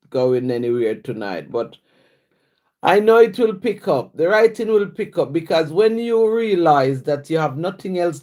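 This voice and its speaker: A woman from Jamaica with a Jamaican accent, a writer reciting her own rhyming poems in a rhythmic patois cadence and chatting casually with viewers on a live stream. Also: low-pitched. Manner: rhythmic rhyming recitation in patois, then relaxed chat with fillers. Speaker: writer and poet.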